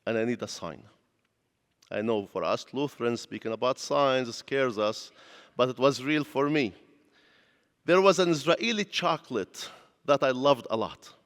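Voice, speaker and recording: A man's voice: medium pitch, measured pace, fairly bright tone. Man preaching in a reverberant church. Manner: earnest storytelling, non-native grammar. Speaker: pastor giving a lecture. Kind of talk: personal testimony sermon. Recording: long hall reverb.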